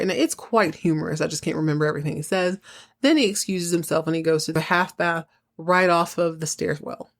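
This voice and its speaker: A woman with a Southern US accent hosting a podcast, recapping a TV episode in a casual, animated way and acting out characters' lines. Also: fairly low pitch. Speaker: podcast host.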